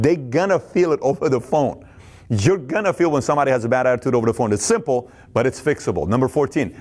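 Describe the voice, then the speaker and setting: A man giving an intense, high-energy business talk, who acts out little scenes of dialogue and sometimes stammers and repeats words. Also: a little mellow. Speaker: business speaker.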